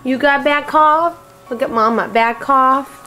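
A young woman with a high voice talks slowly to her baby in a home video. Her speech is sing-song, coaxing baby talk, full of repeated little phrases. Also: sharp tone, faint music behind. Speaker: mother.

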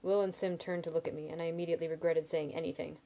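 Brief: woman narrator at home, low-key and mellow, fairly low voice. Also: little pitch movement, rapid-fire, gravelly. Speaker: audiobook reader. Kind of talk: reading a novel aloud.

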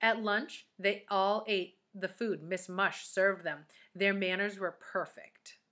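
Bright-voiced woman reading a storybook aloud. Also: medium pitch, slow. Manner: expressive, talks directly to young listeners. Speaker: storybook reader. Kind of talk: reading a children's chapter book aloud.

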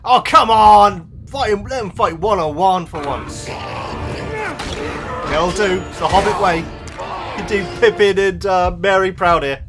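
A man hosting a film reaction, talking to the screen and cheering excitedly. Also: sits high, slow, long pauses, over music. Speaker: reaction video host.

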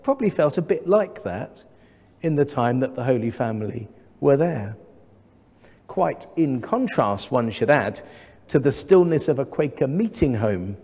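An English man in his thirties preaching a sermon as the new vicar, measured and gently humorous, with rhetorical questions to the congregation. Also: a little high. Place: large church. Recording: long church reverb.

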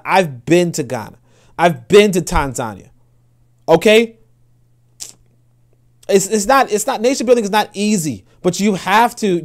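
A man giving impassioned, profane commentary, reading an article aloud and reacting to it, often repeating himself. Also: sits high. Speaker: political commentator.

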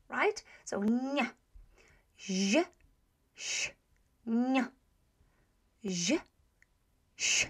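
A woman teaching a pronunciation lesson. She demonstrates each sound patiently and repeats it several times, with frequent hesitations. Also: fairly high pitch. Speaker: language teacher.

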